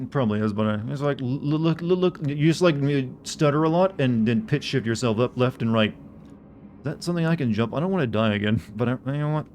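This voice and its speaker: A man's voice: mid-range voice, darkish tone, a little hiss or hum. Rambling man streaming a game. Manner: rambling, self-correcting, chatting with viewers. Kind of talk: casual live gameplay commentary.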